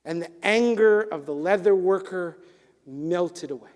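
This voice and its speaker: Man, clergy, storytelling sermon, high voice, measured delivery, long chapel reverb. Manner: warm, measured storytelling that softens toward a hushed close. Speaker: clergy leading a service. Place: synagogue chapel.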